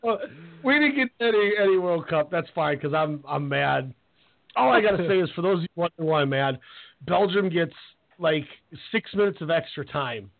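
A man hosting a sports radio show, telling stories with animated energy and acting out the players in quoted voices. His voice sits a bit high for a man. The sound is tinny and narrow, like a phone line. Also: moderate pace, vocal fry. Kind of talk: casual sports radio chat.

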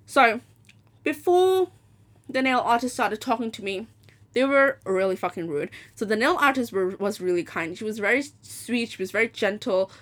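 A woman's voice: fairly high pitch, animated, moderate pace, fairly bright tone. A woman hosting a podcast, telling a story in a casual rant, blunt and profane, and acting out the people she quotes. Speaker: podcast host.

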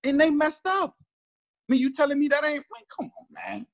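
A man's voice: very high voice, fairly quick. A man in his thirties, a former pro football player, telling a heated story in slangy, emphatic casual talk and acting out what others said. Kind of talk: animated storytelling chat.

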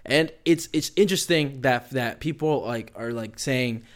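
A pop culture commentator recaps a horror series in a loose, profane chat, filled with "like" and "you know." He acts out the characters he quotes, speaking in a mid-range voice at a moderate pace.

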